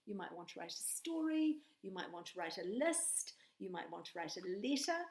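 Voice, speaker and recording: A woman teacher, leading a patient, clearly spoken lesson for young children with sing-song bursts. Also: mid-range voice, big pitch swings, moderate pace, a little mellow. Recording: echoey room.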